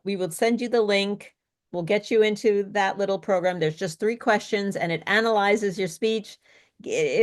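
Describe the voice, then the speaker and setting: A woman speech coach teaching an online workshop in an explanatory, coaching way over a video call. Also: medium pitch.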